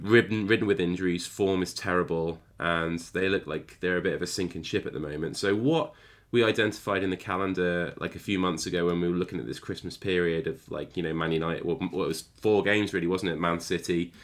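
A man's voice: low voice, steady tone, brisk, hardly any pauses, a bit bright. A man hosting a football podcast, blunt and sweary, moving the chat along. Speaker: podcast host. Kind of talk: casual chat and match discussion.

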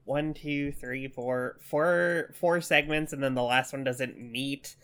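Man, podcast co-host, bright tone, mid pitch, hesitant ums, casual chat. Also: fairly even intonation, takes it slowly. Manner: descriptive, hesitant with many ums.

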